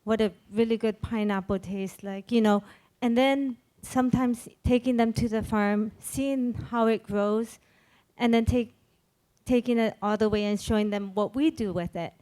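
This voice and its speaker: A woman chef on a panel telling a lively story, acting out quoted dialogue. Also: fairly high pitch, moderate pace.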